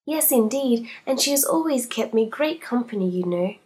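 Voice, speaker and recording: Woman reader playing a high, huskily breathy, gushing plump lady in an audio storybook. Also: animated, moderate pace, darkish tone. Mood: fussy. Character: fussy, dramatic plump lady, snake owner.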